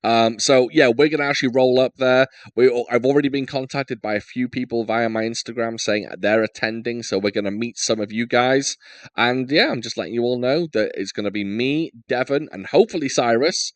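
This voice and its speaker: A man's voice: medium pitch, a little fast, dry recording. A man hosting a podcast in casual chat, joking and rambling with lots of fillers. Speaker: podcast host.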